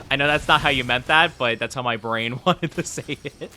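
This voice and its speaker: A man's voice: mid-range voice, brisk, few pauses, pushed and bright, soft background music. A young man chatting casually with his live-stream audience while gaming, rambling with lots of fillers. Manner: rambling, filler-heavy, friendly with chat. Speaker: streamer playing a game.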